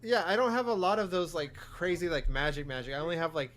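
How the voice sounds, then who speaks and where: A man's voice: a little high, fast, fairly bright tone. A man playing a druid in a casual tabletop game, rambling with lots of "like" and laughing often. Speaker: player.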